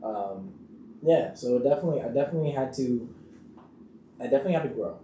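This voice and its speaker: A young man, an actor, chatting casually in an interview and telling stories in an animated way with frequent laughter. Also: medium pitch, fast, distant mic. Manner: animated storyteller who laughs often and acts out quotes. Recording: roomy echo, off-mic, faint background hiss.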